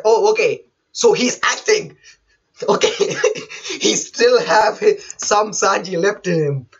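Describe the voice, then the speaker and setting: A man's voice: sits high, slow, creaky, a bit bright, slightly rough, lo-fi sound. A man who is not a native English speaker, chatting through a manga chapter live, reading panels aloud and laughing often. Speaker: manga reaction host. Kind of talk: live reaction commentary.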